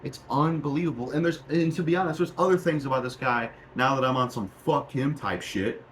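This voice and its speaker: A man's voice: medium pitch, brisk, fairly bright tone, slight background noise, low-quality recording. A young man in a heated, profane rant to the camera, recorded on a cheap mic in a small room at home. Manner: profane, heated, repetitive ranting. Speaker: YouTuber.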